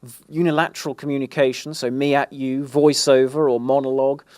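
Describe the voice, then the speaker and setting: A man speaking at a conference, presenting in a halting way with frequent restarts. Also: mid-range voice, little pitch movement, darkish tone, no echo, studio quality. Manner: halting, many fillers and restarts. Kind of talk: presentation talk.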